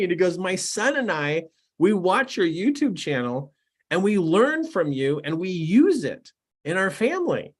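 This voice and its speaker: A middle-aged man, a personal development coach, telling stories and giving a motivational talk in an excitable, animated way. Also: high-pitched, moderate pace. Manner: animated and excitable, laughs at his own stories. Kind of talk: storytelling to camera, motivational talk.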